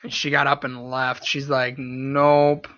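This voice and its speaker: A man's voice: medium pitch, flat delivery, normal speed, pushed and bright, no room sound, dull audio. A young man in his twenties telling a story casually on a podcast, laughing often and swearing. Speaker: podcast host.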